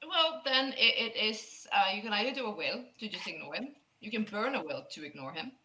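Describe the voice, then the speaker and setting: A woman narrating as game master of a tabletop role-playing game, animated and quick, with laughter. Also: mid-range voice, reverberant, poor audio.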